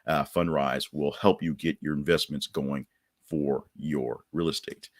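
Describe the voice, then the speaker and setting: A man's voice: very deep voice, steady tone, measured pace, dry recording, clean studio sound. A man hosting a podcast, chatting loosely through news stories and an ad read with many fillers and restarts. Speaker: podcast host. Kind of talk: casual news chat with ad reads.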